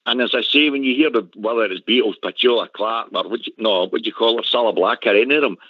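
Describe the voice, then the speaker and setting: A man on a radio panel, explaining in a halting way. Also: medium pitch, no echo. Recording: dull lo-fi radio sound.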